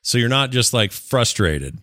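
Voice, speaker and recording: A man's voice: mid-range voice, big pitch swings, a little slow, fairly bright tone, no room sound, studio quality. A man in his forties chatting casually as a podcast host, rambling enthusiastically with restarts. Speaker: podcast host reviewing a game. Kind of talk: casual chat.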